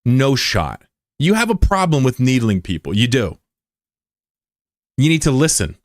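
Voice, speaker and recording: A man's voice: mid-range voice, wildly swooping pitch, a little slow, no room sound, studio quality. A man livestreaming, talking casually to his chat and bluntly, heatedly scolding a viewer. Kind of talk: casual live-stream talk to chat.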